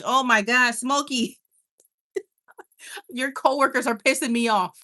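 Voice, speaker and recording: Bright-voiced woman hosting a chatty live stream. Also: a little high. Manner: animated and emphatic, quick to laugh, repeats herself. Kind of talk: casual live-stream chat reading viewer comments.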